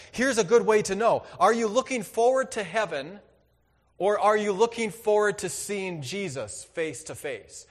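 A high-pitched man delivers a sermon in an earnest, conversational style that now and then swells into loud emphasis. His voice rings with a long reverb, as in a large hall. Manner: earnest, conversational preaching with sudden loud bursts. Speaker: pastor.

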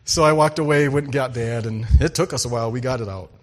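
A man preaching a sermon, reading scripture and telling farm stories, swinging between loud emphasis and hushed asides. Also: mid-range voice, fast talker, a little hiss or hum. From farming background. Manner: storytelling, animated, shifts between loud and hushed. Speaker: pastor.

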